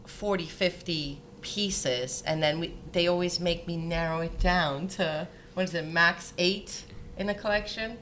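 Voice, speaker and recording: A woman's voice: lowish voice, unhurried, a bit bright, slight background noise. A woman from Denmark, a jewelry designer, chatting in an interview and telling anecdotes with quoted dialogue. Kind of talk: conversational interview.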